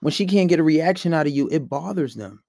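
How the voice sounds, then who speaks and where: A man's voice: fairly high pitch, lively intonation, brisk, vocal fry, darkish tone, no room sound. A man, giving blunt, profane dating advice in a casual monologue and acting out both sides of arguments.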